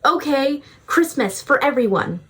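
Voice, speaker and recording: A woman's voice: sits high, animated, unhurried, fairly bright tone, voice pushed up. A woman acting out a startled person who is a little spooked by a ghost. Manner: spooked, gasping.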